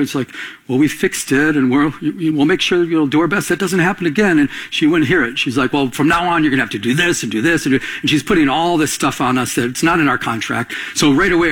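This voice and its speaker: Husky middle-aged male pastor preaching. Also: medium pitch, a bit bright, low-quality recording. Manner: call-and-response preaching, rising to emphatic peaks. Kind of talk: sermon.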